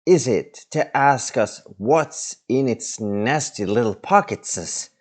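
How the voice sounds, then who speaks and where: A man voicing a slimy, sly cave creature in a hissing, breathy whisper while reading a storybook aloud. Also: mid-range voice, animated, slow pace, voice pushed up. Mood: upset.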